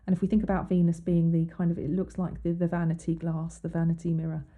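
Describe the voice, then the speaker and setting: A woman's voice: on the low side, monotone, quick pace, phone-quality sound. A woman hosting an astrology podcast, talking casually with many ums and restarts. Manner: chatty, many ums and restarts, reads quotes aloud. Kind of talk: casual explanatory monologue.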